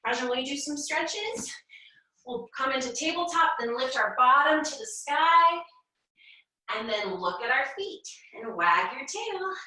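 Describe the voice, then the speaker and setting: A young woman leading a children's yoga class, giving gentle, encouraging, sing-song instructions. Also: high-pitched, animated, unhurried, very echoey, far from the mic, rough recording. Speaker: kids' yoga teacher.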